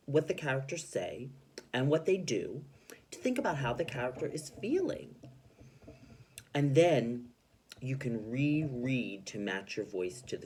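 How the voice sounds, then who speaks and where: A male teacher giving an expressive reading lesson to children, explaining how to voice story characters. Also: mid-range voice, a little hiss or hum.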